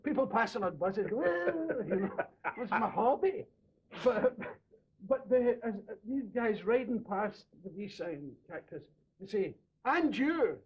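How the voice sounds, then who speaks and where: Glaswegian man, high lively voice, husky, laughing storyteller. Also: a little slow. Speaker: interviewee. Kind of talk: casual reminiscing. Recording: dull lo-fi radio recording.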